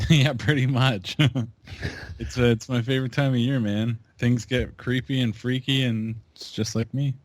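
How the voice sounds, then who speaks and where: A man's voice: medium pitch, steady tone, unhurried, dry recording. A man from Canada, a guest podcast host, chatting in a laid-back, joking way. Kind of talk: casual podcast chat.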